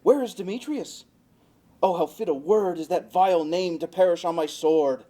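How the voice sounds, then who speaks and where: A woman's voice: fairly low pitch, normal speed, dark tone, natural voice. A woman playing a fickle young male lover, playful and hamming it up, in an amateur Shakespeare reading. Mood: ardent.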